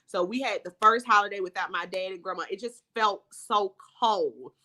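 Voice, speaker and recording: A woman's voice: mid-range voice, moderate pace, bright, forceful tone. A woman author telling her faith testimony in a conversation, earnest and heartfelt, with many "you know" asides. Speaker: author guest.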